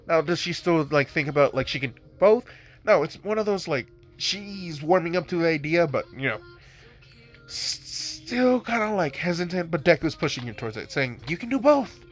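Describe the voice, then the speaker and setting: A man with a stuffy nose, casually narrating his own fan story, rambling and loaded with fillers. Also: a little high.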